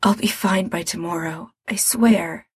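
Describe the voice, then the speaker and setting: Woman voicing a hoarse, feverish young man. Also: lowish voice, unhurried, no room sound, studio quality. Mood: weary. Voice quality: raspy, hoarse. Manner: weak, often near-whispered pleas. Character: feverish sick young man, weary and pleading.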